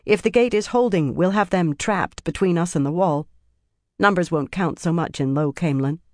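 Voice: mid-range voice, normal speed, no echo, studio quality, lightly acted. A reader voicing a stubborn young queen in an audiobook, with a wry, determined manner. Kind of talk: audiobook character voice.

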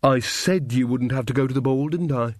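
A man's voice: mid-range voice, a little fast, a little mellow, dry recording, clean studio sound, close to an everyday voice. A man voicing a shy, earnest young witch woman in a storybook reading.

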